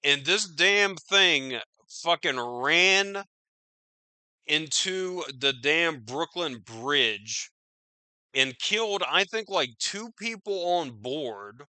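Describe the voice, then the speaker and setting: A man's voice: on the high side, expressive, drawn-out words, pushed and bright, smooth, no room sound. A man hosting a podcast, riffing on news in a profane, rambling, incredulous way. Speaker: podcast host. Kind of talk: casual news commentary.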